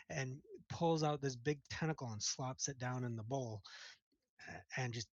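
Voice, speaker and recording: Male game master, casual lively narration, dry and dull lo-fi sound. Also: mid-range voice, moderate pace, no room sound. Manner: casual, vivid play-by-play narration. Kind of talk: narrating a tabletop role-playing game.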